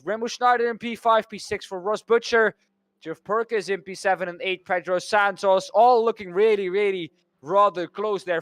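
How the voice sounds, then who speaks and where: A man's voice: high-pitched, fairly bright tone, no echo. A man from the Netherlands, commentating a sim racing broadcast and walking through schedules and standings. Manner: talks through schedules and standings, pausing on names. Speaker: race commentator.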